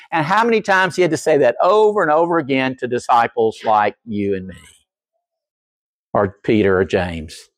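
A man preaching a sermon, acting out quoted voices and dropping from loud to near whisper. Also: mid-range voice, no room sound. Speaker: pastor.

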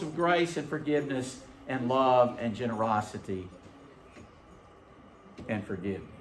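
A man preaching a sermon, telling a story in an animated, folksy way. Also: mid-range voice, measured pace, long pauses, roomy sound, slight background noise. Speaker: pastor. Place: church sanctuary.

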